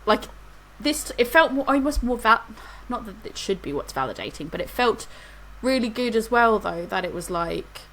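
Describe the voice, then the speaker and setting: A woman's voice: on the high side, expressive, moderate pace, few pauses, fairly bright tone, a little hiss or hum, rough recording. A woman, co-hosting a podcast and telling a rambling story in casual chat. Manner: rambling storyteller, laughs through anecdotes. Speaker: podcast co-host.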